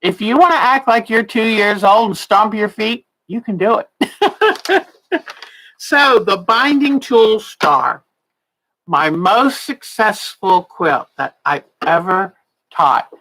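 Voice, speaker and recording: A woman's voice: medium pitch, expressive, takes it slowly, a bit bright, poor audio. A woman in her sixties, a quilting teacher on a casual livestream, chatty and laughing often, a little tired and yawning. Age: 60s.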